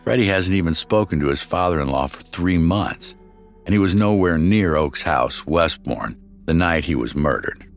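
A man narrating a scripted true-crime story in a measured storyteller's manner, sometimes speaking straight to the listener. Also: low voice, animated. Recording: studio narration over faint music.

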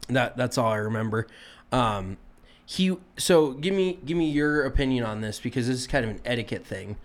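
A man co-hosting a podcast, telling a story in a casual, animated and profane way, sounding exasperated. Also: medium pitch. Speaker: podcast co-host.

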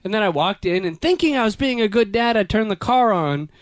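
Animated, lively-voiced man telling stories. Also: high voice, brisk, no echo. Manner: animated storyteller, laughing, acts out voices and yells. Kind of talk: casual chat.

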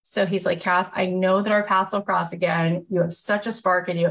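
A woman host telling a personal story in a casual, animated way, acting out the voices of people she quotes. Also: on the low side, moderate pace, hardly any pauses.

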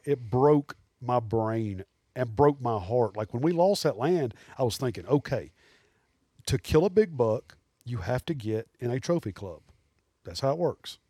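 A man, telling animated, rambling hunting stories as a podcast guest. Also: mid-range voice, no echo, clean studio sound. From Alabama. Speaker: guest taxidermist. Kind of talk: casual storytelling in a podcast interview.

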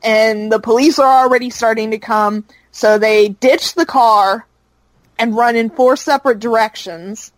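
Higher-voiced woman recapping a show, dry mic. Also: fairly even intonation, a little slow, dry recording, rough recording. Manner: rambling recap with fillers, laughs easily. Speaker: podcast co-host recapping a show. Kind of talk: casual chat.

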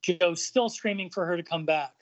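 A podcast host reading a comic aloud in a casual, halting way with many fillers. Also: mid-range voice, a little hiss or hum. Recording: slightly muffled lo-fi audio.

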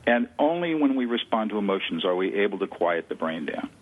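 This man is being interviewed as a guest expert on conflict de-escalation, heard through a tinny phone connection. Fairly low in pitch and talking a little fast with big swings in intonation, he enthusiastically walks through a listening technique, repeating words to stress them.

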